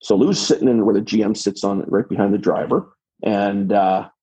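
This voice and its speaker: A middle-aged man, a former hockey player, telling rambling, animated locker-room stories with many restarts. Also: fairly low pitch, moderate pace, slightly rough, low-quality recording. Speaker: podcast guest, former pro hockey player. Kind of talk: casual storytelling.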